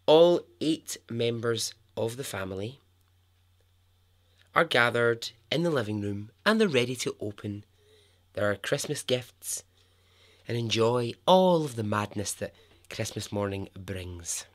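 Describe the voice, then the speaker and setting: A man's voice: mid-range voice, lively intonation, a little slow. A Scottish man hosting a podcast, telling a true story in a playful, chatty way and laughing often at his own jokes. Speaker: podcast host. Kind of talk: casual storytelling.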